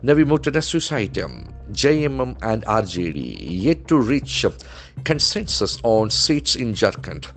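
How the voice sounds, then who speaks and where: A man's voice: mid-range voice, big pitch swings, measured pace. A man teaching vocabulary from newspaper headlines, spelling words letter by letter and modeling their pronunciation. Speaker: English trainer.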